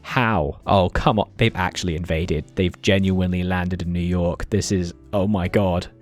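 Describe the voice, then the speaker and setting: A man's voice: low voice, fairly even intonation, normal speed, soft background music. A man commenting on his strategy game playthrough with wry jokes and exasperated asides. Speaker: gaming commentator. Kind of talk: let's play commentary.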